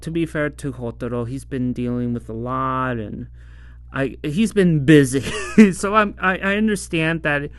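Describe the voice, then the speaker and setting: Man, show reviewer, casual rambling talk, slow pace, smooth clear voice, dry sound. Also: medium pitch, no echo. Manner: rambling, laughs often, acts out quotes.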